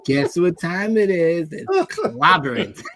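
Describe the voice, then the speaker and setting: A campy, flamboyant male rock monster with a lilting, high put-on voice, as a man fools around on a podcast. He stretches every phrase out slowly and swoops all over the place. There is a gravelly, creaky edge underneath. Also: big pitch swings, fairly bright tone, slight background noise, full character voice. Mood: campy teasing. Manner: high sing-song put-on voice, drawn out.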